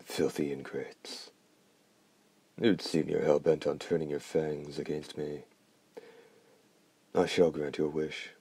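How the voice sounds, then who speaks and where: A man's voice: a bass voice, level tone, takes it slowly, pauses often, darkish tone, breathy edge, no room sound, exaggerated voice. A man reading the part of an arrogant vampire duke with a contemptuous, commanding manner. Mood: scornful.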